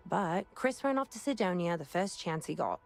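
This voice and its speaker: A woman's voice: on the low side, expressive, normal speed, vocal fry. An actress playing a friendly, talkative young city woman who worries about her brother, in a video game. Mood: worried. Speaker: game character. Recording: game audio with music behind.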